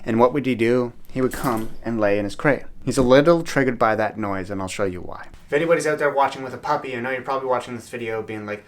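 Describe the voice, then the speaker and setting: A man's voice: mid-range voice, fast, few pauses. A man chatting to camera in a room at home, giving upbeat, earnest advice as a dog owner. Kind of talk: casual vlog talk to camera.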